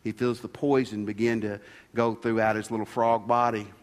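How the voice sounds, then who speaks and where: A man's voice: fairly low pitch, little pitch movement, moderate pace. A man preaching a sermon in a folksy, conversational way, asking his congregation rhetorical questions. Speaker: pastor. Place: church sanctuary. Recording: long hall reverb.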